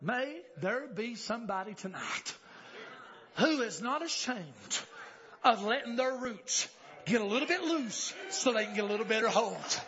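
A man preaching a revival sermon, telling a story and rising to shouted exclamations. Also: sits high, very animated, measured pace, highs cut off, a crowd in the background.

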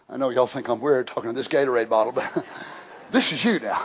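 An older man preaching a fervent sermon as pastor in a church, shouting at times and dropping to hushed tones. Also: mid-range voice, expressive, fast, breathy edge. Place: church sanctuary.

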